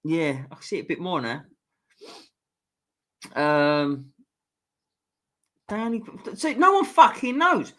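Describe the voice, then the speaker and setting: Sweary, lively man hosting a stream. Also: a little high, slow pace, long pauses. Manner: sweary, chatty, reacting to viewer comments. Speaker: livestream host reading chat. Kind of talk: casual live chat.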